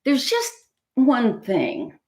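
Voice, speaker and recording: Lady doing a high little piglet, sighing and sweet-talking, storybook voice, echoey. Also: huge pitch swings, very slow, a little mellow, exaggerated voice. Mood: wheedling. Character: small crafty male piglet, sighing and polite.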